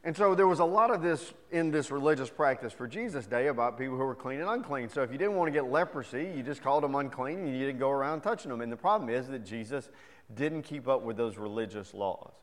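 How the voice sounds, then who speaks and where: In an echoing hall, a middle-aged man of medium pitch delivers a fast-paced sermon as pastor. His scripture reading and jokes are lively, and he later settles into a softer teaching tone.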